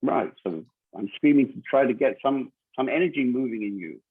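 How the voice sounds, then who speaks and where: A man leads an online group meeting as a spiritual teacher, blunt and insistent, repeating his points. His voice is somewhat husky. It comes through a thin, phone-like video call line. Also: medium pitch, lively intonation, moderate pace. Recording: tinny video call audio.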